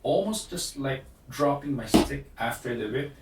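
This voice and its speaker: A man's voice: medium pitch, animated, normal speed, very noisy. A man teaching a drum lesson, counting beats aloud and explaining in plain words. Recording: echoey room, far from mic, loud drumming. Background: drum pad and metronome clicks.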